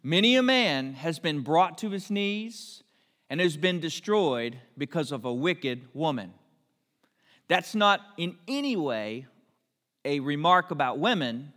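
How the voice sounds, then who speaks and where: Guy preaching a sermon, kinda high voice, big echoey church hall. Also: lively intonation, a little slow, a bit bright. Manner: storytelling preacher, voices biblical characters briefly. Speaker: pastor. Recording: long hall reverb.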